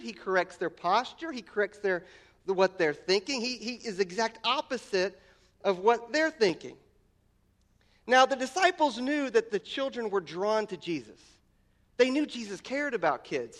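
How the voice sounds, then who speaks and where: A man's voice: sits high, fairly bright tone. A man preaching a sermon, building emphasis through repeated phrases and stumbling restarts. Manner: emphatic, repeats words, voice rises on key lines. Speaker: pastor.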